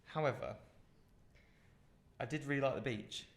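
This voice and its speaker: A man co-hosting a relaxed podcast, chatting easily with his co-host. He reads listener stories aloud and keeps stopping for his own asides and tips. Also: medium pitch, normal speed. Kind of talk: casual chat.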